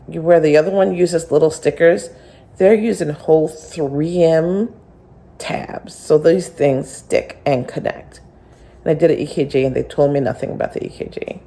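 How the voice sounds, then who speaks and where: A middle-aged woman with a strongly gravelly, fry-laden voice tells a personal story to camera. Her tone is dark and mellow, and she rambles candidly, slipping into the voices of people she quotes. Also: sits low. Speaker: homeschool director.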